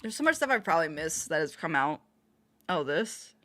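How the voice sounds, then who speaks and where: Lively, bright-voiced woman streamer. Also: low voice, moderate pace. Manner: rambling, laughs often, self-interrupting. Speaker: livestreamer. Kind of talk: casual livestream chat.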